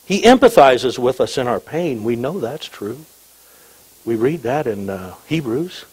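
A man preaching a sermon as pastor, reading scripture aloud with slow emphasis and dropping in light, humorous asides. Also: mid-range voice, very animated, a little mellow, slightly rough, poor audio.

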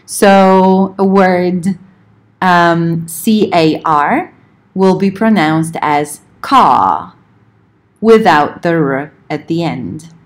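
A woman delivers a recorded linguistics lecture at an unhurried pace. Her voice sits fairly low, and she explains each point carefully. She slows down further whenever she spells out an example.

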